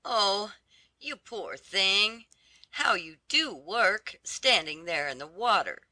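A reader voicing a lame, gossipy old woman who chatters with pity and indignation in a storybook reading; the voice sits higher than the narration. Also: big pitch swings, a little slow, bright, forceful tone, dry recording, heavily acted. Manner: sympathetic, scolding chatter.

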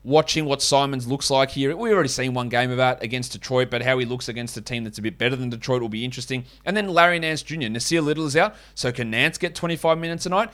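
A man's voice: medium pitch, fast, hardly any pauses, a bit bright. A man with an Australian accent hosting a podcast, giving casual, blunt and opinionated sports analysis and swearing now and then. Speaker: podcast host.

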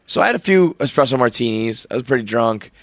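Man, podcast host, swearing storyteller, gravelly, dry sound. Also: medium pitch, animated, fast talker, dry recording. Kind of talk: casual chat.

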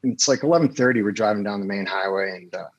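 Low-voiced man telling a relaxed story. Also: very fast, highs cut off. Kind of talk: casual storytelling.

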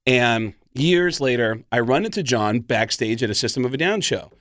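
A man, a guest comedian, telling animated stories in a casual chat, slipping into impressions. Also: medium pitch, normal speed, no room sound, clean studio sound. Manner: animated storyteller who slips into impressions.

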